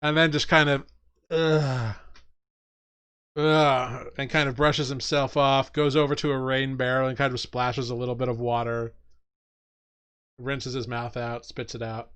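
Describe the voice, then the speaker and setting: A man's voice: mid-range voice, level tone, normal speed, a bit bright, clean tone. A man narrating as game master of a tabletop game, descriptive with many fillers.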